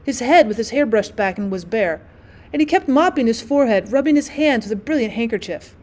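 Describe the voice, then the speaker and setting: A woman teacher narrating a classic short story as an audiobook, in a measured, expressive way. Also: on the high side. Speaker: teacher reading aloud.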